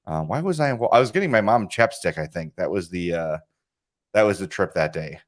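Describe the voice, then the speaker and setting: A man's voice: low-pitched, lively intonation, fairly quick. A man co-hosting a podcast in casual chat, a rambling storyteller, recorded in a studio with video cameras. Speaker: podcast co-host.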